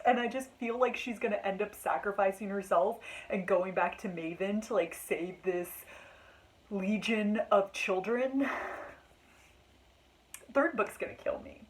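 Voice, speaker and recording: A woman's voice: medium pitch, measured pace, poor audio. A young woman in a casual reading vlog, talking emotionally and dramatically about a book she just finished, with frequent fillers. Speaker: book vlogger.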